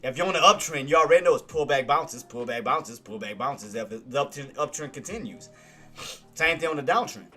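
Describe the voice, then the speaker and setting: A man recapping trades on a casual livestream, talking to his viewers and giving them repeated, excited shout-outs over music. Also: medium pitch, fairly quick. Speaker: stock trading streamer.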